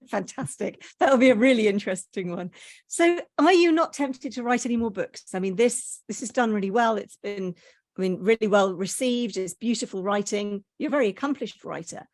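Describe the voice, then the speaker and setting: A woman's voice: medium pitch, normal speed, a little mellow, no room sound, clean studio sound. A woman interviewing an author, friendly and full of praise, often laughing between questions. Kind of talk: conversational interview.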